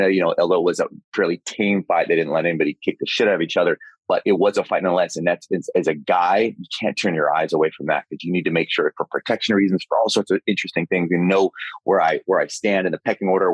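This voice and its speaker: A man with a very low voice speaks as a podcast guest, recorded close and dry. He rambles in a relaxed way, restarting his sentences as he thinks aloud. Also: breathy edge, dry recording. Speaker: podcast guest, dating coach. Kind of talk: casual podcast chat.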